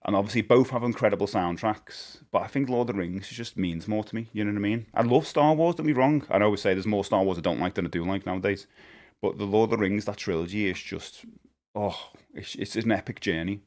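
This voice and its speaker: A man's voice: lowish voice, a little fast, a little mellow. A man chatting casually on a live stream, rambling and joking, laughing often. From United Kingdom.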